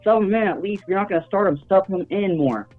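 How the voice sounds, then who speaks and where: Dude calling into a sports show, highish voice, tinny phone sound, music faint behind. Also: male voice, fast talker. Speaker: caller. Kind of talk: casual sports talk.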